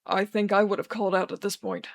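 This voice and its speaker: A woman voicing a wry, skeptical young man who teases in a deadpan way in a read-aloud fan story. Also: mid-range voice, fast, gravelly, dry recording, natural voice. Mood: tired. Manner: dry, wry, deadpan teasing.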